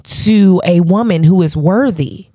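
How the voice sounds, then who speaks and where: A woman co-hosting a podcast, chatting casually and telling profane, animated stories. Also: lowish voice, measured pace, no echo, studio quality. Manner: profane, animated storytelling with put-on voices. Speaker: podcast co-host.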